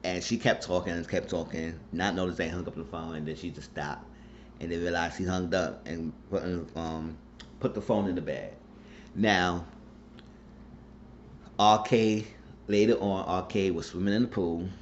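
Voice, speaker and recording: A man with a deep voice talks through a TV episode recap in a loose, rambling, colloquial way. The recording sounds dull and lo-fi, with a faint hiss behind him. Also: steady tone, normal speed. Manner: rambling, colloquial retelling of scenes. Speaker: TV show recap reviewer.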